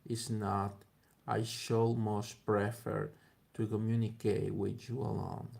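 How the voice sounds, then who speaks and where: A man's voice: on the low side, little pitch movement, takes it slowly, vocal fry, darkish tone, full character voice. A man reading aloud and voicing a haughty male foreign nobleman who speaks in stiff, formal, demanding sentences. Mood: imperious.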